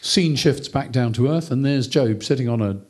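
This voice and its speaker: A man giving a humorous lecture, telling a story as an animated, joking storyteller. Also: medium pitch, normal speed.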